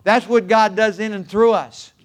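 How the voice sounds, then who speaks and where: A man's voice: sits high, steady tone, moderate pace. An older male pastor preaching a sermon with an emphatic, repetitive cadence.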